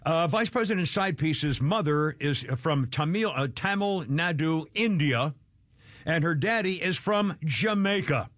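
A man's voice: a little high, expressive, unhurried, fairly bright tone, dry recording, clean studio sound. A man in his sixties hosting a talk radio show, blunt and jokey with frequent chuckles. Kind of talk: casual talk radio banter.

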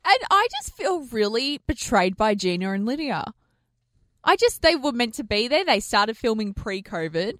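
A woman's voice: fairly high pitch, big pitch swings, moderate pace, fairly bright tone, dry recording, studio quality. A woman co-hosting a morning radio show, dramatic and sarcastic in playful banter. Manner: dramatic, mock-wounded, sarcastic. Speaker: radio host. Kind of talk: casual breakfast radio banter. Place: radio studio.

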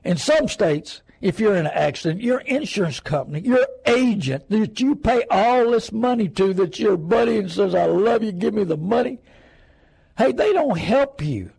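An older man with a drawl hosts a call-in radio show, rambling through folksy stories. His voice sits high and comes out husky. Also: normal speed, hardly any pauses, low-quality recording. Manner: folksy, rambling, animated storytelling. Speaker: radio talk show host.

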